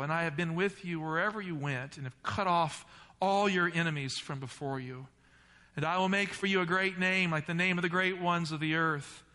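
A man with a high, bright voice preaches a sermon as a pastor. He reads scripture and explains it earnestly. The voice has a long hall reverb, as in a church sanctuary.

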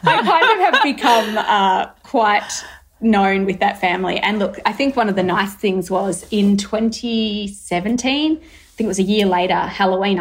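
Aussie woman telling a wild story on a podcast, lots of "like" and acted-out asides. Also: mid-range voice. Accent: Australian. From Australia. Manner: lively, acts out her own thoughts in quotes, many fillers. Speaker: brand founder, guest. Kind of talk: animated storytelling in conversation.

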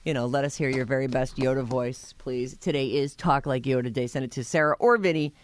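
Woman, radio co-host, casual talk, warm banter. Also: a bass voice, a little hiss or hum. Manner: chatty, quick to laugh. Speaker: radio morning show co-host.

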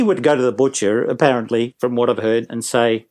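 A man's voice: mid-range voice, fairly quick, darkish tone. An enthusiastic man, a business trainer telling jokey stories as an interview guest. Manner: enthusiastic, jokey, puts on voices.

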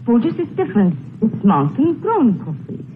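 A woman's voice: fairly high pitch, wildly swooping pitch, moderate pace, slight background noise. Kindly older neighbor lady in an old coffee ad, reassuring, tinny phone-ish sound. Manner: reassuring, folksy. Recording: tinny lo-fi vintage TV ad audio.

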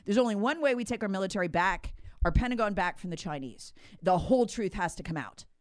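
A woman's voice: mid-range voice, lively intonation, fast, no room sound, clean studio sound. A middle-aged woman co-hosting a political talk show, emphatic and indignant, with sarcastic mock quotes. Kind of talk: political commentary chat.

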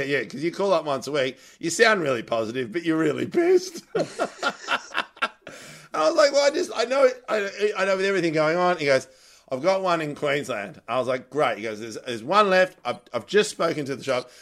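A man, a comedian, telling a long anecdote in a casual chat, laughing as he goes. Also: mid-range voice. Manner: animated anecdote teller, laughs mid-story. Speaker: stand-up comedian. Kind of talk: casual podcast chat, storytelling.

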